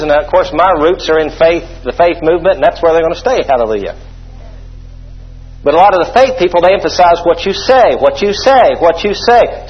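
A man's voice: a little high, husky, muffled recording. A man preaching a sermon with emphatic delivery, leading the congregation in call-and-response and sprinkling in hallelujahs and amens.

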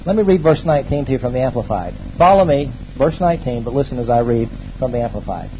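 A man preaching a sermon to a congregation, emphatic, swinging between loud exclamations and low asides and calling on the people to respond. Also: lively intonation, fast, lo-fi sound, a little hiss or hum. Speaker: pastor. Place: church hall before a congregation.

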